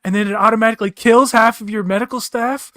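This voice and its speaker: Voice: mid-range voice, fairly even intonation, fast talker, a bit bright, dry recording. A podcast co-host in casual chat, ranting with frustration and frequent swearing.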